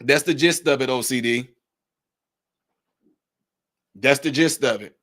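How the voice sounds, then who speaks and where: A man's voice: medium pitch, takes it slowly, a bit bright. A man hosting a political commentary livestream, talking emphatically and repeating himself as he answers his chat directly. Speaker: livestream host.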